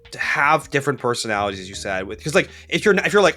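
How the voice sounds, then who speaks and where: A man's voice: medium pitch, very fast, soft background music. Man giving chatty game-running advice. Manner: animated, often tags sentences with 'right?'. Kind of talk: casual chat.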